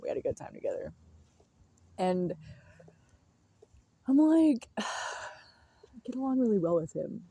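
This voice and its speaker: A woman's voice: medium pitch, very animated, a little slow, pauses often, dark tone, slightly rough, dry recording. A young woman rambling through a casual monologue, musing aloud, laughing often and trailing off mid-thought. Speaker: vlogger.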